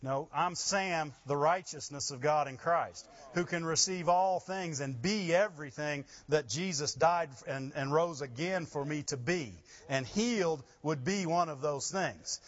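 Animated preaching man, lo-fi. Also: on the high side, a little slow, few pauses. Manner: animated, rising to loud emphasis and laughing asides. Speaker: pastor. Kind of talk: sermon.

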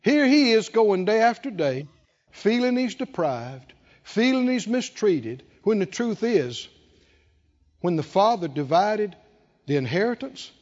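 A man's voice: high voice, sing-song, measured pace, darkish tone. A male preacher delivering a sermon with emphatic, building repetition. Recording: dull lo-fi recording with long hall reverb.

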